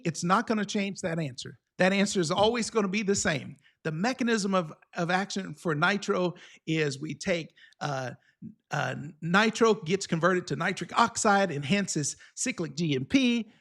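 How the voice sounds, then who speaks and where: A man's voice: high voice, a bit bright. A man coaching a live online exam-prep class, teaching steps and often checking in with the viewers.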